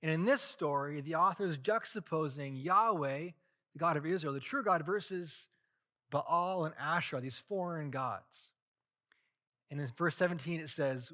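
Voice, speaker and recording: A male pastor preaching a sermon, retelling a scripture story in a casual, animated way. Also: a little high, moderate pace.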